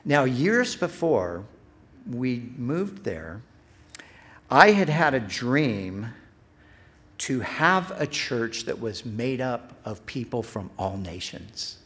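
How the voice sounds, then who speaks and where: A man's voice: medium pitch, very animated, takes it slowly, fairly bright tone. A middle-aged man preaching a sermon as pastor. He speaks earnestly, building emphasis on repeated phrases, and restarts his sentences when he speaks off the cuff.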